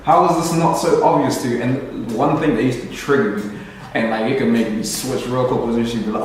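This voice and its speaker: A young man shares a personal story in a relaxed, reflective way, leaning on "you know" and "like". He is picked up from a distance in a strongly echoing room, with faint noise behind. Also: medium pitch, brisk. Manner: casual, reflective, many fillers like "you know". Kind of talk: personal storytelling in a group discussion. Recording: echoey room, mic far off.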